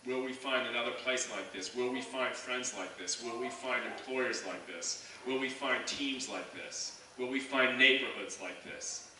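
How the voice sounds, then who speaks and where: A middle-aged man giving a heartfelt speech to students at a high school assembly, telling stories earnestly with many restarts. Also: moderate pace, hardly any pauses, pushed and bright, a little hiss or hum. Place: large school gym or auditorium. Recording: echoey hall from far off, crowd.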